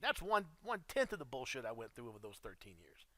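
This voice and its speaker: A middle-aged man recounts his past in a loose, storytelling manner, swearing freely and calling the listener dude. His voice is forceful and bright, set close and dry with almost no room around it. He sits at an ordinary middle pitch for a man. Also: big pitch swings, fast talker, dry recording. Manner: blunt and profane, addresses listener as dude. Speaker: guest telling his life story. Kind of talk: casual storytelling.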